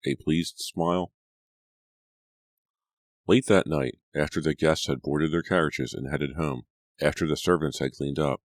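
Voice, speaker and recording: A man narrating an audiobook in a steady, even storytelling manner. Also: very deep voice, no room sound. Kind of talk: scripted narration.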